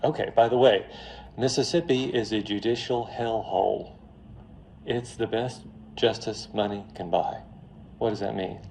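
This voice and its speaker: A man lecturing on finance in a classroom, telling a story in a lively, joking way straight to his students. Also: on the low side, unhurried, creaky, a little hiss or hum. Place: classroom before a live audience.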